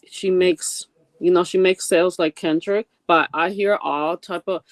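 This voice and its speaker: Relaxed, dry-sounding co-host. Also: mid-range voice, normal speed, dry recording. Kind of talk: casual chat.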